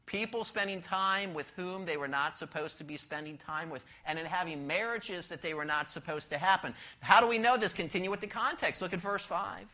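Bright-voiced man preaching dramatically. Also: high voice, brisk, few pauses. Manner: dramatic swings from loud emphasis to near-whisper; asks the listeners rhetorical questions. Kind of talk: expository sermon.

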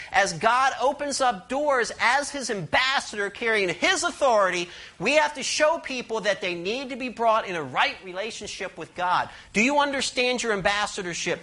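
Woman preacher giving a sermon, bright sharp voice, kinda high, leans hard on words. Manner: emphatic, rising to high passionate stress, slowing to read verses; asks the congregation questions and leads call-and-response.

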